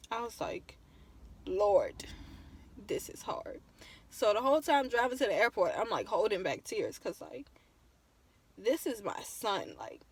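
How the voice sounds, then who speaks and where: A woman's voice: medium pitch, slightly rough. Young adult woman, casual vlog storytelling, on the edge of tears. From Virginia. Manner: emotional, tearful, casual storytelling. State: close to crying. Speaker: vlogger.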